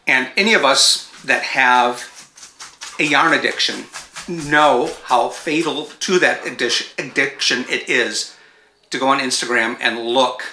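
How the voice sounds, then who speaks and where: Male knitting-show host, chatty and rambling, very bright, sharp tone, echoey room at home. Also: mid-range voice, a little hiss or hum. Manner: chatty and digressive, breaks off to talk to his dogs. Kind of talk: casual chat to camera. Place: home with dogs around.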